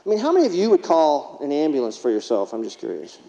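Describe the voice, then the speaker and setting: A man's voice: on the high side, huge pitch swings, quick pace, creaky, mellow. A middle-aged man, a former paramedic, giving a keynote speech, telling stories and putting questions to the audience. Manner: storytelling, asks the audience questions. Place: large conference hall. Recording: reverberant hall, dull lo-fi sound.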